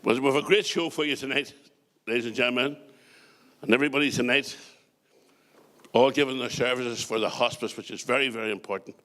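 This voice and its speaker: A man's voice: medium pitch, pushed and bright. A middle-aged man with a Northern Irish accent doing stand-up comedy, firing off jokes with chatty asides to the crowd. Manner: joke-telling, quick punchlines, chatty asides to the crowd. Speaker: comedian and compere.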